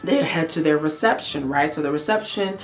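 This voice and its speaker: A woman's voice: deep voice, a little fast, faint music behind. A woman, recapping a TV episode in a chatty, slangy, playful way. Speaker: reaction channel host. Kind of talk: casual show recap.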